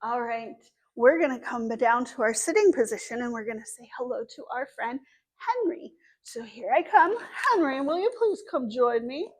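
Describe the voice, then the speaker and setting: A woman librarian leading a story time for young children, animated and sing-song, speaking slowly and clearly for little ones. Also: fairly high pitch.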